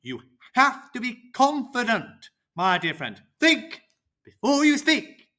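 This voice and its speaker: A cheerful, confident speaking coach for kids, played by a performer, talking slowly and deliberately. The pitch bounces up and down with plenty of life. The tone is bright and clear. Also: full character voice. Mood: upbeat. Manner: slow, deliberate, teacherly, with lively pitch. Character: cheerful, confident teacher character. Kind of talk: children's educational roleplay.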